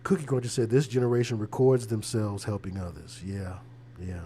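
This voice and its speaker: A man's voice: on the low side, fairly even intonation, moderate pace, warm tone, a little hiss or hum. A man who is a preacher, hosting a casual livestream with conversational, preachy commentary and a habit of repeating words. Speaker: preacher and show host.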